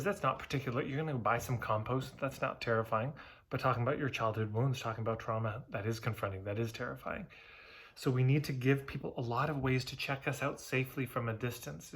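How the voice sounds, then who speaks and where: Husky-voiced man giving candid marketing advice. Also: mid-range voice. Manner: candid, conversational, emphatic. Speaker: marketing coach. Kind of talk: casual advice talk to camera.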